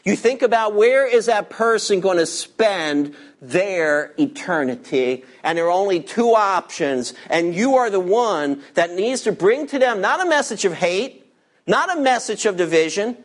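Slow, high-voiced male preacher. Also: animated. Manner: preaching with rising emphasis and dropping to quiet asides; reads scripture aloud with commentary. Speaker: pastor. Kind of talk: sermon.

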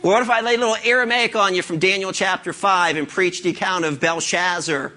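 A man preaching a sermon as pastor, lively and conversational, acting out what imagined listeners would say. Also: high voice, a little fast. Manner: animated, acts out imagined listeners.

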